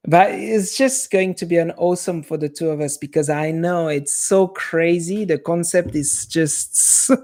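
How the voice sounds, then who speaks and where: A man's voice: a little high, unhurried, hardly any pauses, a little mellow. A man with a French accent, chatting casually with viewers on a live stream in a rambling way. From half Italian. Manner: rambling, chatty, restarts often.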